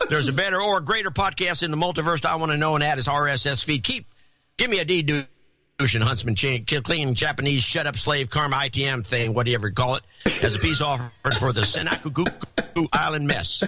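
A man's voice: fairly quick, sharp tone, no room sound, studio quality. A man putting on a Southern announcer voice, playing a twangy race-day announcer reading a letter aloud. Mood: announcing. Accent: put-on American Southern. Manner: booming announcer delivery.

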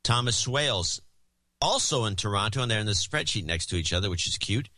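A man co-hosting a podcast, reading out donor names and amounts in a dry, sardonic, steady rhythm. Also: on the low side, fairly quick, no echo, faint music behind. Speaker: podcast co-host. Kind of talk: casual chat, reading donor list.

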